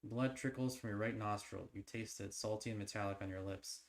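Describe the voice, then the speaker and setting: A man's voice: fairly low pitch, a little fast. Man reading a horror novel aloud on stream. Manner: stumbles and restarts while reading, then breaks into excited theorizing.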